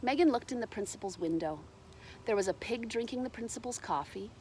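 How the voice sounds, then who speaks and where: Lady reading a picture book to kids, lively, kinda high voice, faint hiss behind. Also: brisk. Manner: animated, shouts character lines, explains to children. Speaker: storybook reader. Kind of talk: children's storybook read-aloud.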